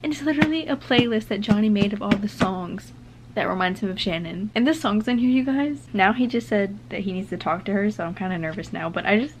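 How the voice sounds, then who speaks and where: A young woman talking casually in a reading vlog, retelling the story in an excitable, gushing way with lots of "like" and "oh my gosh". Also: mid-range voice, quick pace, background noise. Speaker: book vlogger.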